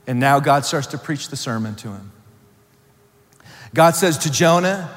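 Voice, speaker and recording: A male pastor preaching a sermon, swinging between loud emphatic lines and hushed, low ones. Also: lively intonation, unhurried, pauses often. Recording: long hall reverb.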